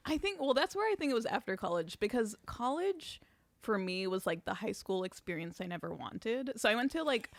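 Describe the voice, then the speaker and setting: A woman's voice: fairly high pitch, a little fast, no echo. A young woman guest on a comedy podcast, telling stories casually and filling with "like.". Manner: animated storyteller, lots of "like".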